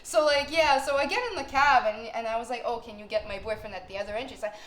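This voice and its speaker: A woman's voice: a little high, fast. A young woman co-hosting a podcast, telling a long story in casual chat, laughing often and saying "like" a lot. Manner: animated, laughing storyteller full of "like". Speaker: podcast co-host. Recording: echoey room, faint noise.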